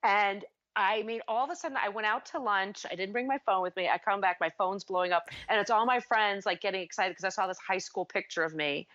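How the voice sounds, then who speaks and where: Animated ranting woman in her forties. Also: mid-range voice, a little fast, hardly any pauses. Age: 40s. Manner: animated storyteller, swears freely when ranting. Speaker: podcast co-host. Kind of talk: casual chat. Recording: dull lo-fi sound.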